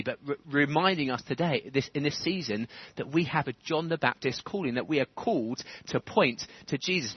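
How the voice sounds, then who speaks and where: A man preaching a sermon in church, animated, chuckling often and building to fervent emphasis. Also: fairly high pitch, breathy edge, no room sound. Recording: dull lo-fi church recording.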